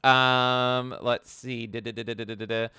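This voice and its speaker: A man's voice: mid-range voice, flat delivery, normal speed, sharp tone, clean tone, no room sound, clean studio sound. A man co-hosting a gaming podcast in casual chat, jokingly reading out live chat comments. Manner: chatty, jokey, reads chat comments aloud. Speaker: podcast co-host.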